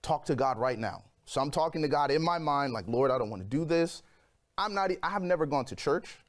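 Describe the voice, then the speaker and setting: Animated man telling a personal testimony. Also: on the high side, a little fast. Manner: animated storyteller, acts out quoted voices. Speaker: guest.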